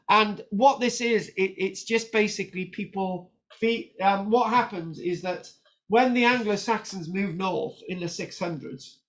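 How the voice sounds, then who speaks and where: A man's voice: sits high, highs cut off. A man teaching history in a chatty, informal lecture. He often restarts his sentences and checks in with "right?". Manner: animated, chatty, frequent restarts and "right?" tags. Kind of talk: informal lecture with notes on screen.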